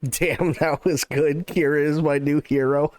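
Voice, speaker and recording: A man streaming live, telling a long joke and thanking viewers in an excitable, animated way. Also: a little high, a little slow, dry recording.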